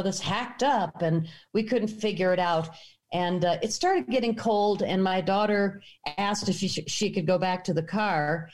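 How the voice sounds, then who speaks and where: A middle-aged woman from the United States recounts a personal experience. She tells it with animation, jumping in pitch whenever she acts out what people said. Her voice sits in a middle range. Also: a little mellow. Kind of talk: personal storytelling.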